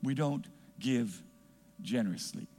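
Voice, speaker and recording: A man preaching a sermon in a church, emphatic and rising to shouts as he calls for responses. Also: medium pitch, a little slow, husky, long reverb tail.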